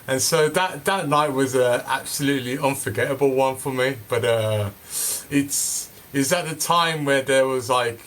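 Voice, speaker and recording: A man's voice: medium pitch, normal speed, fairly bright tone. A man telling a casual, rambling story full of fillers and restarts. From Birmingham, England. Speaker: cannabis seed breeder telling a story.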